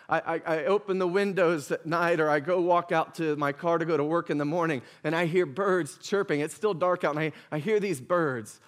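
A male pastor preaching an emotional, impassioned sermon, repeating phrases as he builds, speaking to viewers watching online. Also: on the high side. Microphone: streamed to online viewers.

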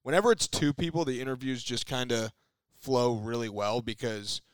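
A man co-hosting a podcast in energetic, talkative casual chat on a close mic. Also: medium pitch, normal speed, smooth, dry recording. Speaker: podcast co-host.

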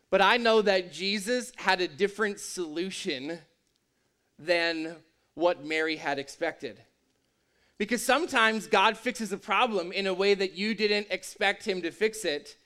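A man's voice: sits high, a little slow, pushed and bright. A man preaching a sermon in a conversational, joking and emphatic way. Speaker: pastor.

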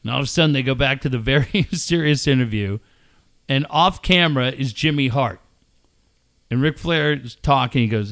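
A man co-hosting a casual sports radio show, telling animated stories and laughing often. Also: mid-range voice, normal speed. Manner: animated storyteller, laughing through wrestler impressions. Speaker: radio co-host.

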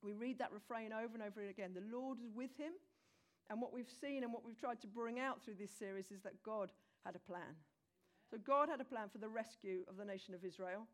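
Fairly high in pitch and fairly quick, a woman's sermon retells a passage of scripture in lively, conversational terms, aimed right at the congregation.

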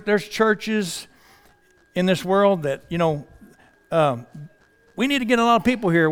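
Folksy preacher man with a slightly high voice. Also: smooth. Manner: conversational, folksy, with fillers and rhetorical questions. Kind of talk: sermon.

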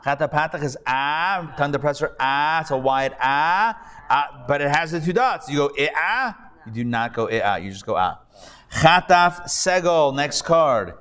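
This rabbi's voice sits fairly high and comes across bright, clear, and resonant, moving at a moderate pace with hardly any pauses. He's leading a live Hebrew reading class in a classroom hall, patiently working through pronunciations with students, and the recording carries the hall's reverb.

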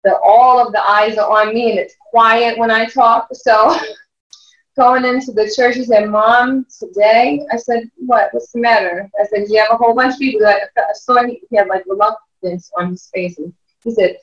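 A woman, a mother and life coach, telling stories in an interview, animated and often laughing as she acts out what others said. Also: fairly high pitch, normal speed. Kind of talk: storytelling interview chat. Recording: roomy, distant, dull lo-fi sound.

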